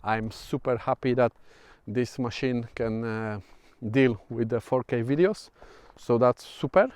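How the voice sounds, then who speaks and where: A man with a Polish accent rambles through a casual vlog update, pausing often on fillers and restarting his sentences. His voice is smooth and resonant, recorded close and dry with no room sound. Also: medium pitch, a little mellow, dry recording. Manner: hesitant, many fillers and restarts. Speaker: vlogger. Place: outdoors at sunset.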